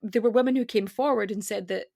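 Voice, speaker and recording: A woman guest on a podcast, talking casually in quick, rambling runs with frequent restarts. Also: medium pitch, vocal fry, dark tone, dry recording, clean studio sound.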